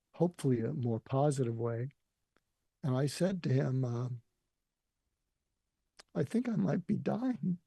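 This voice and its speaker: An older man telling a deeply personal story in an earnest, emotional way, often quoting what others said to him. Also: mellow, no echo, clean studio sound. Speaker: guest.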